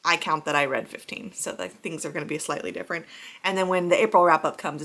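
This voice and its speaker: A woman's voice: fairly low pitch, fairly bright tone. A young adult woman talking bluntly, with some swearing, in a casual book vlog. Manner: blunt and profane. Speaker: book vlogger.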